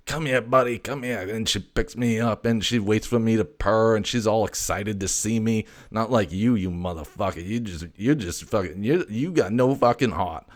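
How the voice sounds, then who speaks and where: A man's voice: lowish voice, normal speed, hardly any pauses, close to an everyday voice. A man voicing a brash, foul-mouthed male house cat who swaggers, stammers and swears constantly. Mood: boastful. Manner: swaggering, profane, rambling with stammers.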